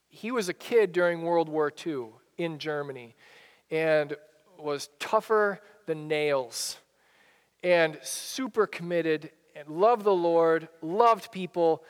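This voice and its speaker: A man's voice: high voice, smooth, big-room sound. A male pastor giving a sermon in a conversational way, often repeating and restarting his phrases. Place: church sanctuary.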